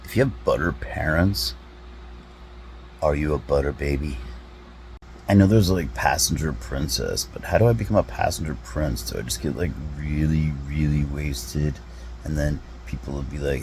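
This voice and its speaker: A man, a comedy vlogger, rambling through deadpan rhetorical questions with drawn-out pauses. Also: extremely low pitch, a little hiss or hum, low-quality recording. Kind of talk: deadpan musing monologue.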